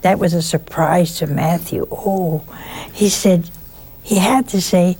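A woman's voice: fairly low pitch, takes it slowly, warm tone, slightly rough. A woman giving a conversational sermon in a folksy way, full of rhetorical questions. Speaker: preacher.

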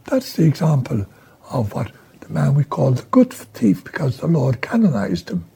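A man preaching a sermon in a breathy voice that often drops to a whisper, emphatic, swinging from hushed to raised. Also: mid-range voice, huge pitch swings, moderate pace.

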